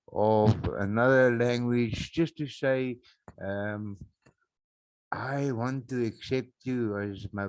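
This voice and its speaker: A South African man hosting a solo podcast, rambling and mocking, with sudden loud outbursts and laughs, on a backup microphone. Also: mid-range voice, dry recording. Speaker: podcast host.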